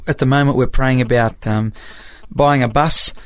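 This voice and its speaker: A man's voice: mid-range voice, fairly even intonation, moderate pace, clear, resonant tone, no room sound. A middle-aged Australian man with a slight American tinge to his accent, a music evangelist telling stories in an interview, chatty and full of restarts. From Papua New Guinea. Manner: chatty, hesitant restarts, laughs while telling. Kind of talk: storytelling interview.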